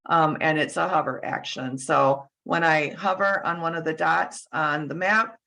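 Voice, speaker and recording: A woman walks through a software demo on a shared screen, her tone bright and forward. She is losing her voice and speaks haltingly, with frequent fillers and restarts. Her sound is picked up over a video call. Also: low-pitched, creaky, poor audio. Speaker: user group presenter.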